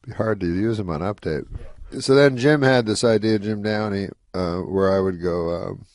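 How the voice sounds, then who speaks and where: A man's voice: lowish voice, normal speed, darkish tone, no echo. A man telling a rambling anecdote in an interview, dry and full of "you know.". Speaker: guest comedian.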